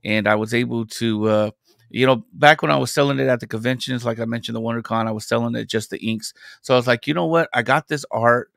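A man's voice: medium pitch, fairly even intonation, quick pace, gravelly, fairly bright tone, dry recording, studio quality. A man who is a guest on a podcast, an independent comic creator chatting casually and telling long, rambling stories. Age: adult parent. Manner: rambling storyteller, loose and conversational. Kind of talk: casual chat.

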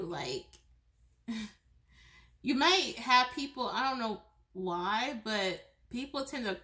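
A woman's voice: a little high, fairly bright tone. A woman giving a pick-a-card tarot reading, speaking directly to the viewer in a chatty way, repeating herself, restarting sentences and laughing often. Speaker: tarot reader.

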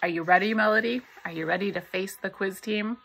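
Woman doing a soft-spoken caring lady, kinda gravelly, bright. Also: mid-range voice, a little fast. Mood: reassuring. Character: kind reassuring female caregiver.

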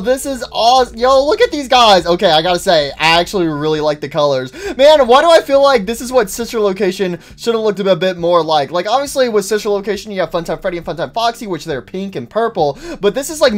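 Male youtuber, excitable gameplay commentary, quick fillers, casual. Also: high voice. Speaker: gaming YouTuber.

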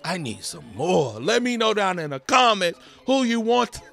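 A man's voice: sits high, sing-song, moderate pace, vocal fry, pushed and bright, soft background music. A man giving hyped, boastful commentary over his own gameplay, trash-talking and often slipping into a sing-song delivery. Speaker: gaming YouTuber.

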